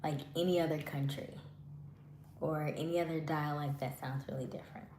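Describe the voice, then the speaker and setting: A woman with a low voice chats casually with her live stream viewers, full of fillers. She speaks softly and lets her words trail off. The sound is roomy and echoey, with a faint hiss underneath. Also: fairly even intonation, normal speed. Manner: chatty, many fillers.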